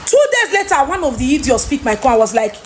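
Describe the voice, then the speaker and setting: A high-pitched Nigerian woman tells her story with mounting exasperation, switching into Pidgin voices to mimic the people she dealt with. A faint ambient hiss sits under her voice. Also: big pitch swings, fast. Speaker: trader telling of lost goods. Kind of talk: animated personal storytelling.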